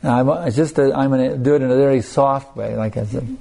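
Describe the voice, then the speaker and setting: Creaky, mellow-voiced male preacher. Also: mid-range voice, fast talker. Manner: conversational, with frequent restarts and asides to listeners. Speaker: spiritual teacher. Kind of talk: anecdotal sermon.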